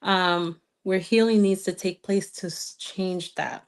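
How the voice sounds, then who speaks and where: A woman's voice: on the low side, steady tone, slow pace. Earnest woman coaching with a slight accent. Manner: earnest, coaching, checks in with frequent "okay?"; repeats key phrases for emphasis. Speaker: twin flame coach. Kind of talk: live stream Q&A, answering viewer comments.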